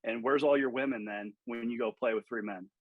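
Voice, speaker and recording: A man's voice: mid-range voice, steady tone, a little fast, dry recording, phone-quality sound. A man who coaches golf, telling stories animatedly in a podcast interview, acting out quotes and swearing freely.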